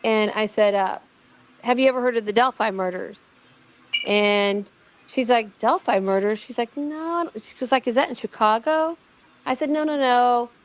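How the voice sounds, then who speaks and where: With a little hiss or hum behind her, a middle-aged woman speaks at normal speed in a slightly high voice. As a guest in a casual chat, she tells the rambling story of her own amateur investigation, repeating words, restarting sentences and quoting others.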